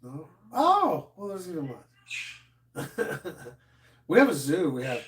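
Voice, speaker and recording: A man's voice: fairly high pitch, huge pitch swings, takes it slowly, fairly bright tone, far from the mic. Joking man, roomy off-mic sound. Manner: rambling, joking banter. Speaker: comedian. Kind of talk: casual live-stream chat. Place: home studio room. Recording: echoey room, voice off-mic.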